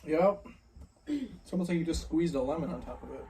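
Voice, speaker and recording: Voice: mid-range voice, lively intonation, brisk, warm tone, recorded from a distance, a little hiss or hum, low-quality recording. A guest at a casual mukbang in a home kitchen, playful and self-mocking.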